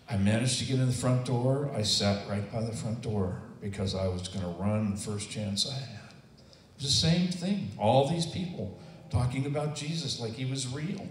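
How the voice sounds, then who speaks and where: A man's voice: mid-range voice, normal speed. A man in his sixties giving an earnest, emotional personal testimony, acting out the voices of the people he quotes. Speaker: testimony speaker. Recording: roomy, distant and noisy.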